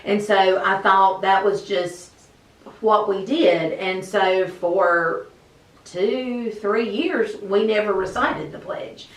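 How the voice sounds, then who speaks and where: A woman's voice: mid-range voice, fairly even intonation, takes it slowly. A woman teacher answering interview questions in a conversational way, with frequent fillers. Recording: echoey room, mic at a distance.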